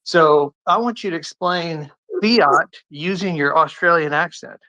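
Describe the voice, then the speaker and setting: Bright tone, teasing, profane, rambling, casual online chat. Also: mid-range voice, measured pace, poor audio. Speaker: speaker in audio room. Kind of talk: casual chat in an audio room.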